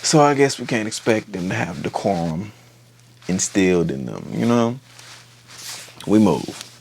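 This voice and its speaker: A man's voice: on the low side, animated, a little slow, creaky, a little mellow, slight background noise. A man giving a casual, gossipy and profane episode recap, full of slang. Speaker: TV show reviewer.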